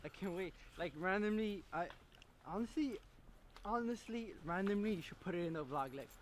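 A man's voice: sits high, normal speed, slight background noise. A young man chatting casually and joking with a friend while walking outside at night. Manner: relaxed, joking, brief replies. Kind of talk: casual chat. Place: outdoors on a night street.

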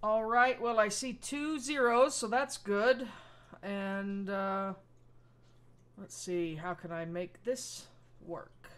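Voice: medium pitch, fairly even intonation, slow pace, fairly bright tone, smooth. A player in a tabletop game, talking casually and stumbling over words.

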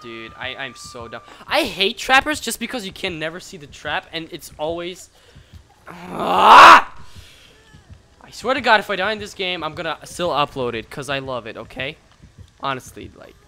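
A man giving live commentary on his own game, excitable and profane, swinging between mutters and sudden shouts. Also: fairly high pitch, normal speed, a little hiss or hum.

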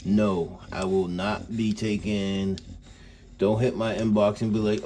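A man in his indoor home kennel records a relaxed, meandering vlog about his dogs, talking to viewers with frequent "y'all" and "man." His voice is low, steady and warm, and he never rushes.

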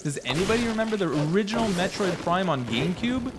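Young male streamer, excitable and chatty, slightly high voice, faint hiss behind. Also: fast. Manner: excitable, chatty, reads chat aloud, playful. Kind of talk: live game stream chat.

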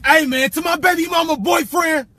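A young man shouting a profane comedic rant straight at the camera. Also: very high voice, steady tone, normal speed, no room sound. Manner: loud, profane, yelling at the camera. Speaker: comedy skit creator.

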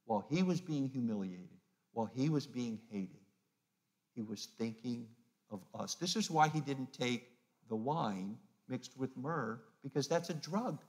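A man's voice: mid-range voice, animated, measured pace. Emphatic preaching pastor, man. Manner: emphatic, swings between loud and hushed; acts out mocking voices of the crowd. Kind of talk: sermon.

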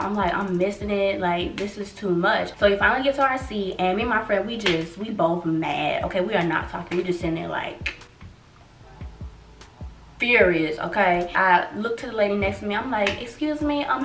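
Animated young woman vlogger, roomy sound. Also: mid-range voice, moderate pace, recorded from a distance. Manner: animated, acts out quotes, addresses viewers as y'all. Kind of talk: casual storytelling vlog.

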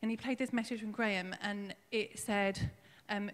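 In a church hall with big-room acoustics, a woman speaks at normal speed, with a steady medium-pitched voice and few pauses. A congregation member, she gives her baptism testimony, telling her faith story nervously and emotionally with many ums.

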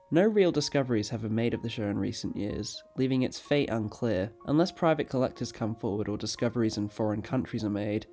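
A man reading a scripted documentary narration in a steady, informative way. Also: mid-range voice. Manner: steady, informative reading with a brief apology for mispronouncing.

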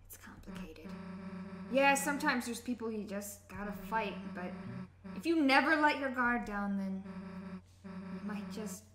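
A woman's voice: mid-range voice, lively intonation, a little slow, pauses often, natural voice. A woman voicing a brash, tough teenage monster girl who talks bluntly and casually, recorded in an echoey room. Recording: echoey room, faint noise.

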